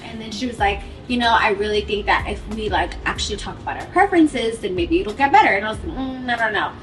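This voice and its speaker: A woman vlogger tells a casual story about a couple, chatty and cutting in, acting out each person's lines. Her medium-pitched voice is animated and quick, with faint music behind and a roomy sound recorded from a distance.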